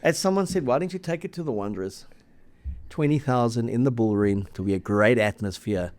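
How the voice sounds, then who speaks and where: A man's voice: medium pitch, brisk, darkish tone. A man hosting a rugby podcast in casual, teasing chat, laughing often.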